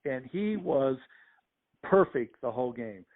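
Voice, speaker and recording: A man, a sports official and podcast guest, telling lively anecdotes and acting out the people in them. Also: mid-range voice, unhurried. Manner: animated anecdotes with quoted voices. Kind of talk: storytelling interview. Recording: phone-like narrow audio.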